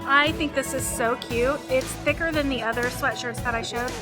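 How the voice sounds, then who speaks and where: A woman's voice: sits high, fairly even intonation, moderate pace, loud music behind the voice. A woman vlogging casually from a shop, chatting and gushing about the clothes she finds. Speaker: theme park vlogger. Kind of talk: casual shopping vlog.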